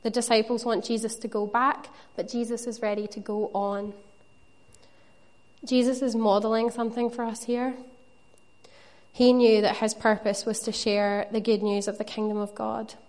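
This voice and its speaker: A woman's voice: fairly high pitch, little pitch movement, normal speed, a little mellow. A woman preaching a sermon, earnest and conversational, with playful asides to the congregation.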